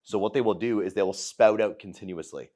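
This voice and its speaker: Blunt, profane man with a low voice. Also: a little fast, warm tone. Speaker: podcast co-host. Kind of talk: casual podcast talk.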